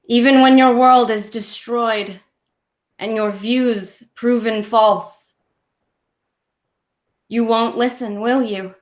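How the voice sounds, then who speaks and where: A woman playing a defiant young heroine, voice raised high. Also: steady tone, slow, pauses often, echoey room. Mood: reproachful. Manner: pleading and defiant, pitched up and raised. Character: determined young woman confronting her sister.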